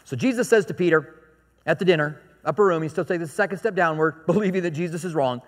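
A male pastor preaches a sermon conversationally, cracking jokes and driving points home through emphatic repetition. His voice is a little high, his pace quick, and a long reverb tail follows his words.

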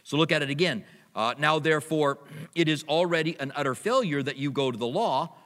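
A man's voice: fairly high pitch, a little fast, fairly bright tone. A middle-aged man preaching a sermon as pastor, in a conversational way with personal stories, in a church hall.

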